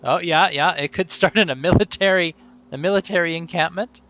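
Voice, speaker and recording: A man hosting a live stream as game master, rambling and joking at himself, with sudden loud greetings to viewers. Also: high-pitched, brisk.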